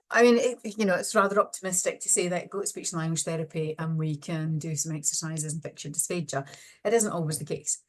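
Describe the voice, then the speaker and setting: A middle-aged woman with a somewhat low voice gives an online webinar lecture. She speaks as a speech and language therapist and explains her slides step by step. She grounds each point in practical, everyday clinical examples.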